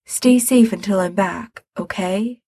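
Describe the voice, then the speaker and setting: A woman's voice: medium pitch, slow pace, mellow, slightly rough, no room sound. A woman reading aloud, voicing a determined young man who speaks firmly and bluntly. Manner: firm, blunt.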